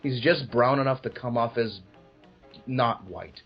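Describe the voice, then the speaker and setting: A young man in casual film review chat, profane and riffing with mocking asides, husky voiced. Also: medium pitch, a little slow, highs cut off, soft background music. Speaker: podcast co-host.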